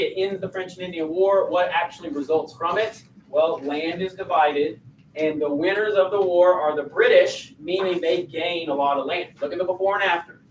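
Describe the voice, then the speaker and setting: A man's voice: sits high, recorded from a distance, a little hiss or hum. Man teaching a class, heard from across an echoey room. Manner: conversational, asks the class questions. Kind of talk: classroom lecture.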